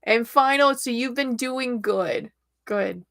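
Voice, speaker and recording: Middle-aged woman, casual stream host; slow, rambling delivery with a gravelly edge. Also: on the high side, fairly bright tone, dry recording, studio quality. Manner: chatty, rambling, laughs often. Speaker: tarot reader and livestream host. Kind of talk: casual livestream chat.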